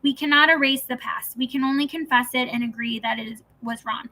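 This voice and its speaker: A woman reading an audiobook in a calm, even scripted narration with gentle emphasis. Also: high voice, a little fast, low-quality recording.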